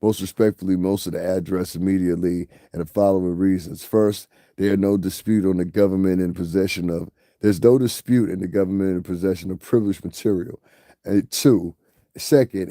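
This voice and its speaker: A man's voice: low-pitched, mellow, no room sound, studio quality. A man giving casual commentary to his viewers, rambling, often repeating "you know what I'm saying" and laughing. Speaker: commentary vlogger.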